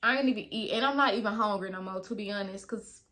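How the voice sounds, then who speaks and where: Bright-voiced young woman telling a story. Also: mid-range voice, fast. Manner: animated, slangy, talks straight to viewers. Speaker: vlogger. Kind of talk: casual story time.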